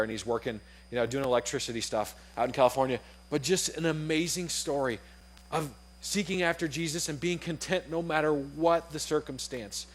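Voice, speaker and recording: A young adult man preaching a sermon in a casual, animated way, acting out the voices in his story. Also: mid-range voice.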